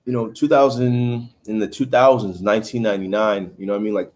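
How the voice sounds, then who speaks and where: A man's voice: fairly low pitch, level tone, fairly quick, darkish tone, a little hiss or hum. Chatty man hosting a food livestream. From Haiti. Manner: chatty, reads viewer comments aloud. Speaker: livestream host. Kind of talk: casual livestream chat.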